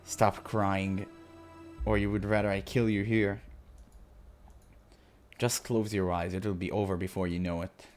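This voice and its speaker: A man's voice: sits low, level tone, measured pace, long pauses, darkish tone, faint music behind. A man voicing a cold, threatening male swordsman in a visual novel, speaking in curt orders. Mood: menacing.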